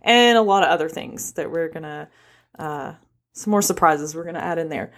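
Soft-spoken woman co-host, lowish voice. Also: moderate pace. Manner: quiet, laughing, chiming in with short replies. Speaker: podcast co-host. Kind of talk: casual chat.

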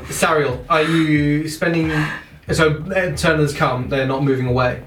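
A man's voice: fairly high pitch, a little slow. Man running a tabletop game, distant echoey mic. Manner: relaxed, lots of repeated okays. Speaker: dungeon master. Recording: roomy distant mic with background noise.

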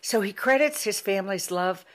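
A middle-aged woman giving an inspirational talk, telling heartfelt stories in an emphatic, warm storytelling manner. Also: medium pitch, lively intonation, moderate pace. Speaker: motivational speaker.

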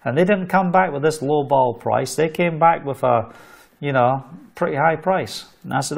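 A man's voice: fairly high pitch, moderate pace, gravelly. A middle-aged man from the United Kingdom preaching a sermon, telling a story and acting out the voices of the people in it. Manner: animated, acts out quoted voices in storytelling.

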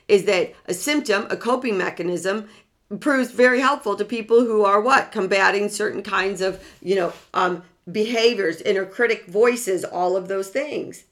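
A woman's voice: mid-range voice, moderate pace. A woman speaker in a self-help talk, earnest and direct. She circles back on key words and keeps asking her listeners questions before answering them herself. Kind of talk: motivational talk to an audience.

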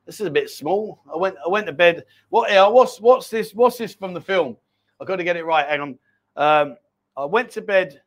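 Chatty, high-voiced host. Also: male voice, moderate pace. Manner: chatty, rambling, animated storytelling. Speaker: livestream host. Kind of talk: casual live chat.

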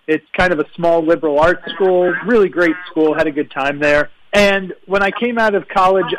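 A man's voice: fairly high pitch, poor audio. Friendly young male entrepreneur guest. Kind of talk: interview answers.

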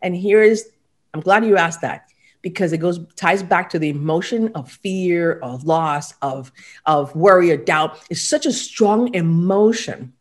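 A woman's voice: lowish voice, unhurried. A woman guest on a podcast, a motivational speaker who talks animatedly and acts out little back-and-forth dialogues. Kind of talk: podcast conversation.

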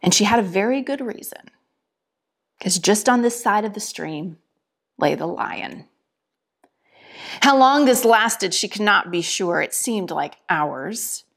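A woman giving a sermon and reading a story aloud in an expressive storytelling manner. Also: medium pitch, slow, long pauses. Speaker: preacher or teacher.

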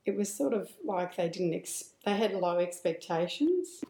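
A woman's voice: on the low side, expressive, normal speed, mellow, a little hiss or hum. Woman recalling, echoey room. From Australia. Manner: reflective, with frequent restarts and asides. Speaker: interviewee. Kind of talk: personal storytelling.

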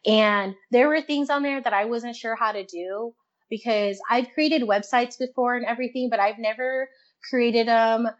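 A woman's voice: fairly high pitch, moderate pace. Chatty young woman, lo-fi sound. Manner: chatty, laughs often, acts out her own inner voice. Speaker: guest. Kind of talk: casual interview chat.

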